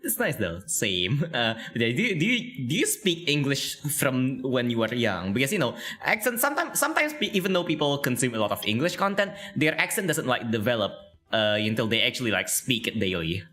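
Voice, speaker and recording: A man's voice: mid-range voice, sing-song, fairly quick, sharp tone, faint music behind. A man hosting a casual online interview, rambling with many fillers and laughing often. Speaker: interview host. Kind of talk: casual video interview chat.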